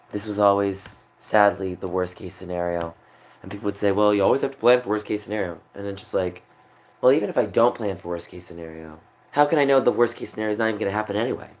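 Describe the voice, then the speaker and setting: A man's voice: fairly low pitch, darkish tone. Upset, rambling young man streaming. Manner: upset, rambling, repeats himself. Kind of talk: emotional livestream monologue.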